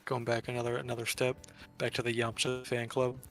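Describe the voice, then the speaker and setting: A man co-hosting a podcast, chatting casually about anime in a quick, wry way. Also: mid-range voice, monotone, fairly bright tone, soft background music. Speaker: podcast co-host.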